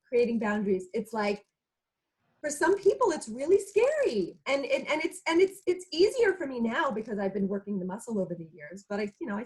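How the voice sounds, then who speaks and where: A woman's voice: a little high, poor audio. A woman in her thirties, co-hosting a casual talk show and telling a personal story, acting out what people said. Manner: chatty storyteller, acts out quotes. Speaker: co-host.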